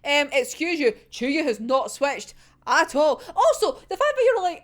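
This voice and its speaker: A young woman vents about a comic chapter in a heated, sweary rant that keeps breaking into laughter. Her voice sits high and swings widely up and down as she gets worked up. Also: sing-song, a little slow. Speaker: manga reaction vlogger. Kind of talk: ranting chapter reaction.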